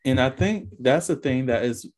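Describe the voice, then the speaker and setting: A man's voice: medium pitch, lively intonation, normal speed, background noise. Hesitant, thoughtful male podcast guest. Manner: thoughtful, hesitant phrasing with fillers. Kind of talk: casual podcast conversation.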